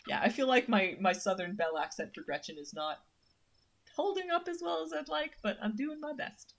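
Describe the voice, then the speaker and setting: A woman's voice: a little high, lively intonation, normal speed, vocal fry, fairly bright tone. A woman streamer talking casually and ramblingly about a game she is playing. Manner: rambling, full of fillers.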